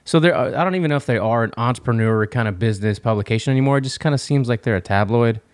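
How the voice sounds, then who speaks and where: Male co-host, rapid delivery, dry close sound, joking and cussing. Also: medium pitch, dry recording. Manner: swearing, joking, quick asides. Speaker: podcast co-host. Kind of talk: casual chat.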